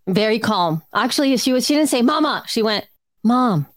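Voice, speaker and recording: A woman's voice: a little high, animated, moderate pace, no room sound, studio quality. A woman in her thirties, co-hosting a casual chat, telling a story with many fillers and restarts. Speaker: podcast co-host.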